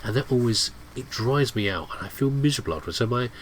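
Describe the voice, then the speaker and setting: A man's voice: mid-range voice, lively intonation, quick pace, slight background noise. A man with a stuffy, nasal cold, rambling chattily while commentating on a game. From United Kingdom. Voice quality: nasal, blocked up. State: has a cold. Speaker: gameplay commentator. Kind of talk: casual let's play commentary.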